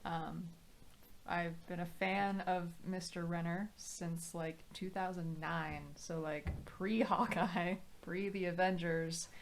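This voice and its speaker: Female podcast guest, low-pitched and wry, on a shared mic with faint noise. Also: fairly even intonation, takes it slowly. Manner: chatty, self-mocking, laughs often. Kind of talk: casual podcast chat. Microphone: shared microphone.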